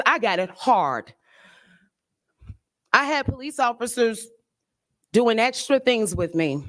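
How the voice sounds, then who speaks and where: A middle-aged woman giving an impassioned public speech at a remembrance ceremony, emphatic and urging, in short punchy phrases. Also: medium pitch.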